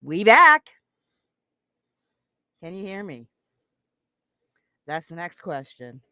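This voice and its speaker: A woman's voice: low-pitched, animated, unhurried, smooth, no room sound. A woman hosting a livestream and chatting casually with her viewers in a teasing, joking way. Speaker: livestream host.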